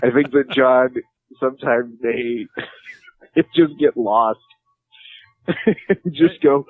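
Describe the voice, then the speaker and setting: Guest: man, mid-pitched, joking storyteller, dry close sound. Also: takes it slowly, pauses often, dry recording, poor audio. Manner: joking, rambling with many fillers. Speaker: podcast host and jiu-jitsu commentator, guest. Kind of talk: casual interview chat.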